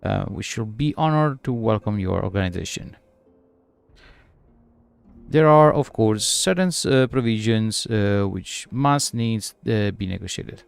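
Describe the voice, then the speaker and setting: A man voicing a courteous, formal male guild emissary, reading the lines haltingly. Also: fairly low pitch, creaky, smooth.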